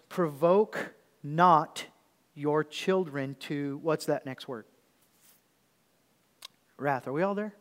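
A male pastor in his thirties preaching a sermon in a church, often asking the congregation questions. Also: fairly high pitch. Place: church sanctuary. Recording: reverberant church hall.

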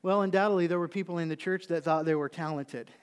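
A middle-aged man, a pastor preaching a sermon, telling a story and then building into animated emphasis. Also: on the high side, quick pace, clear, resonant tone. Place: church sanctuary. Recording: long reverb of a church hall.

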